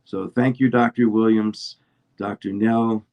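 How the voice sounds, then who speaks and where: A man giving emotional closing remarks on a call, halting and full of fillers. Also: mid-range voice, darkish tone, rough recording. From Atlanta. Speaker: guest chiropractor.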